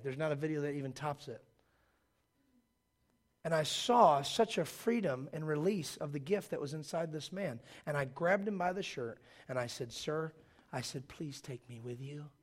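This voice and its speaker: A middle-aged man preaching a sermon, telling stories and acting out quoted voices in an animated, jokey way. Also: high-pitched. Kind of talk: sermon with storytelling.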